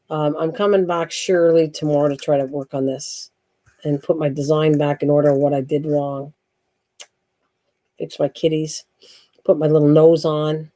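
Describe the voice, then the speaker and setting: A woman's voice: sits low, a little mellow. A woman hosting a crafting live stream, chatting casually and teasing, laughing often.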